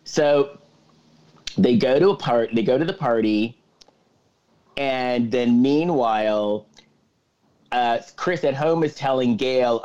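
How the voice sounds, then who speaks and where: A man's voice: mid-range voice, slow pace, long pauses, highs cut off. Man animatedly retelling a movie plot. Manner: animated retelling with acted-out quotes. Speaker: podcast co-host. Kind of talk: casual chat recapping a movie.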